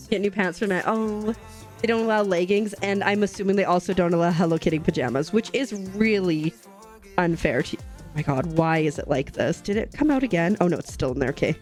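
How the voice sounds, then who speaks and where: A woman's voice: on the low side, normal speed, a little mellow, soft background music. A young woman hosting a live craft stream, chatting casually and rambling to her chat while she stitches, recorded at home on a desk mic. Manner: bubbly, rambling, reads and answers chat. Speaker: livestream host.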